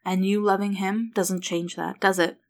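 A woman voicing a tender father who speaks softly, his voice cracking with feeling. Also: medium pitch, level tone, normal speed, natural voice. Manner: soft, voice cracking. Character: tender emotional father, adult man.

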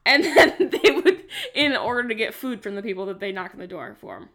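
A woman's voice: fairly high pitch, sing-song, fairly quick, a bit bright. A young woman co-hosting a podcast, chatting casually, giggling often and losing her words. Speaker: podcast co-host. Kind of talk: casual chat.

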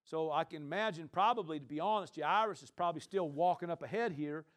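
High-voiced male pastor preaching conversationally. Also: fast, a bit bright. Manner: conversational, keeps checking the listeners. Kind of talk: sermon.

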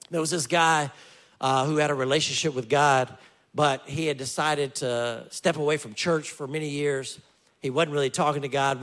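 A man preaching a sermon as pastor, telling stories with lively joking asides. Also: medium pitch.

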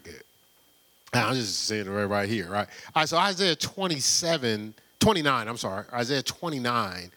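A man preaching a sermon in a loose, conversational way, full of rhetorical questions and quick laughs. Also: mid-range voice, bright, forceful tone. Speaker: pastor.

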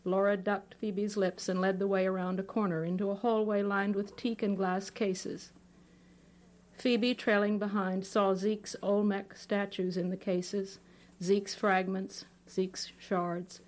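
A woman author reads her fiction aloud at a bookstore event, her voice at a plain middle pitch. She takes the lines in a measured, unhurried way. She speaks into a microphone. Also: little pitch movement, a little mellow. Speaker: author reading her own work. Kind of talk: live fiction reading. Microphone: microphone on a stand.

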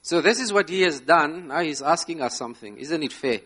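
A man's voice: fairly high pitch, animated, fairly quick, fairly bright tone, breathy edge. A man preaching a sermon to a congregation, emphatic, often asking "yeah?" and laughing between phrases. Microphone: slides shown, speaking to a live congregation.

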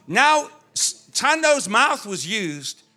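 A man's voice: high-pitched, very animated, slow, sharp tone. A male pastor preaching a sermon in a conversational, illustrative way, with touches of humor. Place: church.

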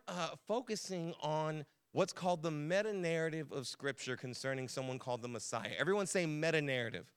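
A male pastor preaching in a church sanctuary with a bright, forceful voice that sits a little high for a man. His delivery is loose and conversational, full of fillers and quick self-corrections. The tone is clean and smooth. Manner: casual and chatty, many fillers and self-corrections. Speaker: lead pastor. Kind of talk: conversational sermon.

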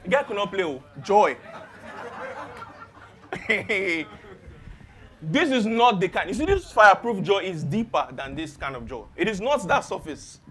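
Lively high-pitched Nigerian male preacher, young, rhetorical questions. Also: measured pace, pauses often. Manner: animated, rhetorical questions to congregation. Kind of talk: sermon.

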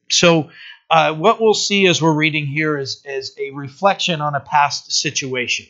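Bright-voiced male pastor preaching. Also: fairly high pitch, moderate pace. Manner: conversational, asks the congregation questions. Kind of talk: sermon. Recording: dull lo-fi recording.

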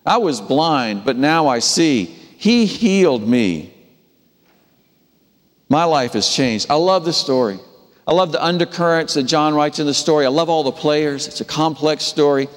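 Man preaching a sermon in a reverberant hall. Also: measured pace. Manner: animated storytelling, acting out voices with wide pitch swings. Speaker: pastor.

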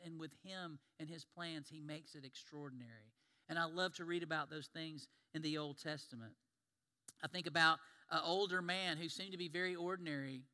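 A man's voice: fairly high pitch, clean tone. A man preaching a sermon, telling Bible stories and acting out the voices of the people in them. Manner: animated storytelling, acts out quoted biblical voices. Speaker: pastor. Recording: long reverb of a large hall.

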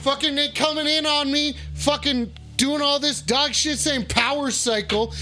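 A man hosting a call-in livestream, swearing a lot and shouting the same catchphrase over and over. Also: very high voice. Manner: rowdy, swearing, repeats his shouted catchphrase. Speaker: call-in stream host. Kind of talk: profane casual livestream banter.

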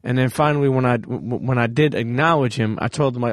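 A man hosting a podcast, telling stories in a lively, profane way in casual interview chat. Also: mid-range voice, fast, no room sound, clean studio sound. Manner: animated, profane storytelling. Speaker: podcast host.

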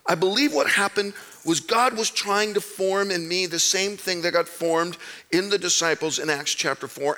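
A man preaching a sermon, telling a story with animated swings between loud outbursts and hushed drops. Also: sits high. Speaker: pastor. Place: church stage.

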